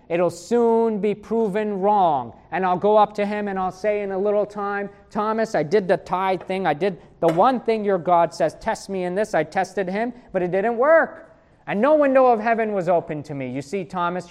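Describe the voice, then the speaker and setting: High-voiced preacher telling his testimony. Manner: animated storytelling, acting out his own inner voices; frequent tag questions. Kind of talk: sermon with personal testimony.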